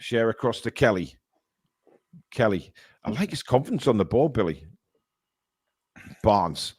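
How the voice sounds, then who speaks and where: A man hosting live fan commentary of a football match, calling the play-by-play and bursting into shouts at big chances. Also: lowish voice, very animated, a little slow, breathy edge.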